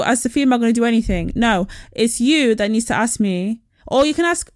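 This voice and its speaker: A woman's voice: fairly high pitch, lively intonation, fairly quick, hardly any pauses, no echo, clean studio sound. A young woman co-hosting a podcast, chatting casually and telling stories bluntly with frank swearing. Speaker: podcast co-host. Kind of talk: casual chat.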